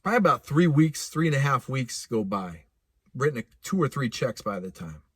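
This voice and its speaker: A man telling a personal story casually, animated and laughing, with vivid sound effects. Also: medium pitch, fairly quick, breathy edge, dry recording. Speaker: speaker.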